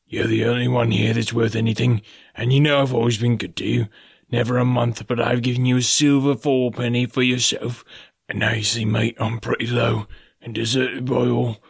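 A man reading an audiobook voices an old, sick sea captain who talks like a salty sailor, cursing and wheedling in a gravelly, raspy voice. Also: mid-range voice, level tone, normal speed, no room sound, clean studio sound. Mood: pleading. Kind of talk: audiobook character voice.

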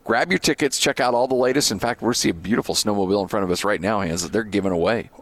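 A man's voice: on the low side, fast, a bit bright, no room sound. Male sports radio host, easygoing live banter. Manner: laughs easily, teasing. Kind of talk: casual sports radio chat.

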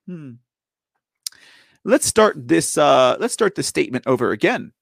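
Animated, high-voiced joking male host. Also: measured pace, creaky, no room sound, studio quality. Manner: playful, rambling, self-correcting, keeps saying ladies and gentlemen. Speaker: host of a political commentary show. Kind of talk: casual live commentary.

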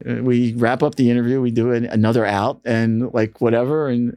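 A man's voice: medium pitch, a little fast, few pauses, dry recording, studio quality. A man telling stories about his radio station work in a casual interview, acting out quotes with a raised voice. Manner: animated storyteller, acts out quotes in raised voice. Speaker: radio station staffer and guest.

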